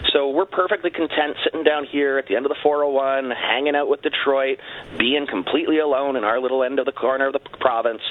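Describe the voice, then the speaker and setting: A man speaking as a guest on a radio show, casual and playfully dramatic. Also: mid-range voice. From Canada. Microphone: phone. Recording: tinny phone line.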